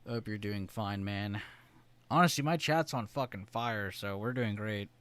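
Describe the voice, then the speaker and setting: Swearing, rambling streamer. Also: male voice, lowish voice, unhurried, fairly bright tone, smooth. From United States. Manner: rambling, profane, joking. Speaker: live-stream trading host. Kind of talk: casual live-stream chat, reading viewer comments.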